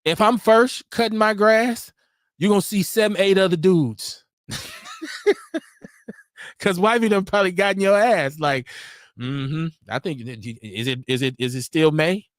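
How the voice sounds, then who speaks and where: A man's voice: sits high, measured pace, long pauses, no echo, clean studio sound. A man hosting a live online talk show, speaking bluntly and casually with lots of slang and animation. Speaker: host. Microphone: video call.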